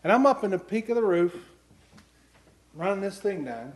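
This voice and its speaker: A middle-aged man preaches a sermon in a higher-than-usual voice. He tells homely personal stories earnestly and builds to emphatic questions for his listeners. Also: sing-song, moderate pace.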